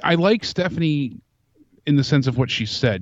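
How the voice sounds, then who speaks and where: A man's voice: mid-range voice, lively intonation, a little fast, a little mellow, no echo, lo-fi sound. A man co-hosting a wrestling review stream, talking in a conversational, mildly critical way. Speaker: co-host. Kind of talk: casual remote commentary.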